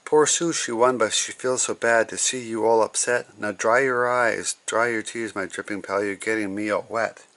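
A man's voice: lowish voice, steady tone, normal speed, few pauses, fairly bright tone. A man reading a storybook aloud, voicing a cheerful male frog who reassures his friend in an upbeat way. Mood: encouraging.

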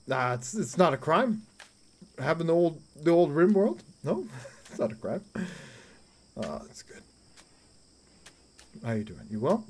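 A man's voice: a little high, a little mellow. A young man streaming a game, chatting crudely and jokily with his viewers. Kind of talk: casual live-stream chat while playing.

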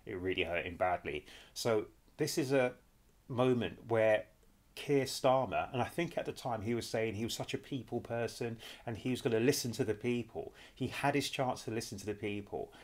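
A man's voice: on the low side, normal speed. A middle-aged man hosting a reaction video. He talks straight to his viewers, repeats himself for emphasis and keeps calling them guys and people. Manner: animated, repetitive, addresses viewers as guys and people. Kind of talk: reacting to a clip, commentary.

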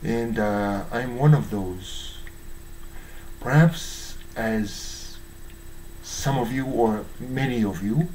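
Man, Japanese accent, hoarse strained voice, halting monologue, mid pitch, very slow. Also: darkish tone, slight background noise, rough recording. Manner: halting, many fillers and restarts, searching for English words. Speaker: YouTuber.

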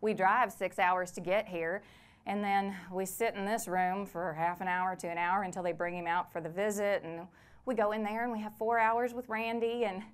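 A woman's voice: medium pitch, fairly even intonation, normal speed, clean tone, natural voice. Lucy, woman playing a chatty prison wife. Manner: rambling, friendly, scolds her kids between sentences. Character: chatty weary mother of four, prisoner's wife. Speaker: stage actor in a one-woman play. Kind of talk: theatrical monologue.

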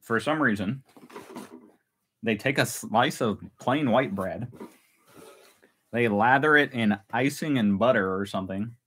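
A man's voice: medium pitch, a little slow, pauses often, a bit bright, breathy edge, rough recording. A man hosting a casual live stream from home, chatty and self-mocking, laughing often. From United States. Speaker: channel host.

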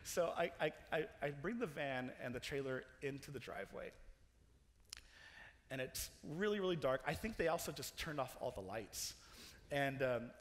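Young man, chapel sermon, lively storyteller, slightly high voice, long hall echo. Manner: animated, laughing storyteller with many restarts. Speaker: chapel speaker.

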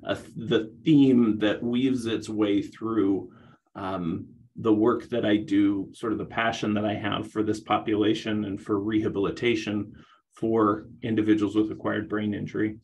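A middle-aged man giving a conference presentation on rehabilitation, talking in a halting way with many restarts. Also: lowish voice, level tone, a little mellow, lo-fi sound. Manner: hesitant, many restarts and fillers.

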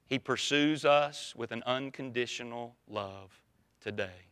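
A man with a Southern accent, a pastor preaching a sermon and telling a story, swinging from loud emphasis to hushed, slow lines. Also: medium pitch, clear, resonant tone. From Louisiana. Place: church sanctuary.

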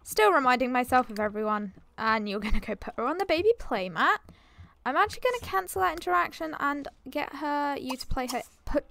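A woman's voice: high-pitched, expressive, a little fast, gravelly, fairly bright tone, slight background noise. A British woman giving chatty, rambling commentary on her life-sim game and talking to the characters. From Britain. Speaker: gameplay commentator.

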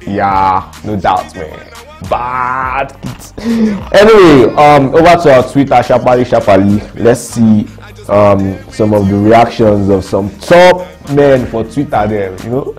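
A young man with a Nigerian accent talks in an animated, joking way, sliding into Pidgin and laughing between comments. His voice sits at a middle pitch. Faint music plays under him. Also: measured pace. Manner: lively, mixes Pidgin slang, laughs a lot. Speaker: vlogger reading fan reactions. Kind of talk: casual chat.

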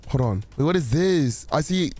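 A young man playing a roleplay game, narrating his moves with excitable, quick reactions. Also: a little high. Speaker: roleplay gamer.

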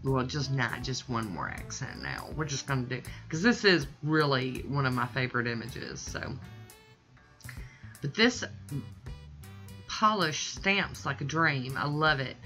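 A woman's voice: a bass voice, sharp tone. A woman chatting casually through a nail art tutorial, gushing and a little self-deprecating.

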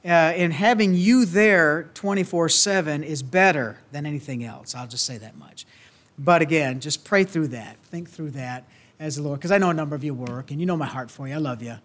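High-voiced Southern pastor preaching. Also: male voice, normal speed, a bit bright. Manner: folksy, earnest preaching with many fillers and restarts. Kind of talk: sermon.

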